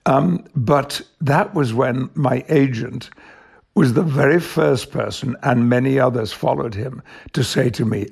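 An older man from Yorkshire, an actor telling stories in an interview in a measured, articulate way with chuckles. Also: medium pitch, vocal fry, husky. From England, Yorkshire. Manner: measured, articulate, laughs through anecdotes. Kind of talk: reflective storytelling.

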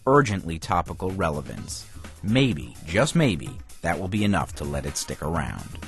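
A man's voice: low-pitched, lively intonation, brisk, vocal fry, a bit bright, soft background music. A male TV critic delivering a scripted radio review with a wry, emphatic manner.

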